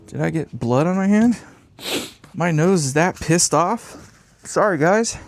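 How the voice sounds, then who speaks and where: Gravelly laid-back man, stuffy sinuses. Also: a little high, expressive, measured pace, dry recording. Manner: rambling, laid-back, swears casually, chuckles often. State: congested sinuses. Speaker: amp builder hosting a live stream. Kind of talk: casual live build chat.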